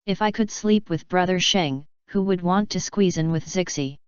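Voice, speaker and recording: A woman's voice: lowish voice, moderate pace, clean tone, dry recording, natural voice. A woman voicing a naive, dazed young actress in a storybook, in a slightly dull lo-fi recording. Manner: dazed, guileless.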